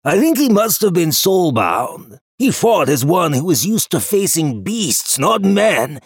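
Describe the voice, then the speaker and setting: A man voicing a huge, boastful male gladiator woodsman who talks in a calm, mocking, formal way in an audiobook. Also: high-pitched, unhurried, husky, no room sound, clean studio sound, pitched above the performer's own voice, exaggerated voice. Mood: taunting.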